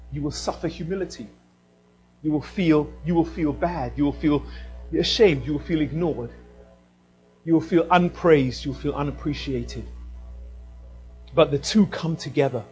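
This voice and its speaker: A man preaching a sermon in an animated way, swinging from loud emphasis down to a quiet hush. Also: a little high, low-quality recording.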